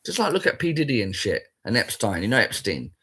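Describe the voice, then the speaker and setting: Brief: man, husky voice, blunt and foul-mouthed, rambling and repetitive. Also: medium pitch, wildly swooping pitch, fairly quick, fairly bright tone. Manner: sweary, blunt and rambling, repeats himself. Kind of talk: casual spoken rant.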